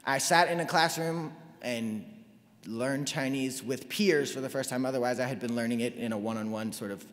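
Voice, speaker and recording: A man in his twenties from North Carolina, giving a lively, self-deprecating storytelling talk to an audience. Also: mid-range voice, moderate pace. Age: 20s. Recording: long hall reverb.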